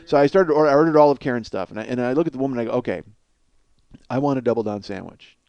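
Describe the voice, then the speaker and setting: A man's voice: mid-range voice, racing, clear, resonant tone, no room sound, muffled recording. A man hosting a comedy podcast, telling a rambling, profane, self-mocking story and laughing at his own jokes. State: cold sore on face. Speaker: podcast host. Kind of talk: comic storytelling monologue.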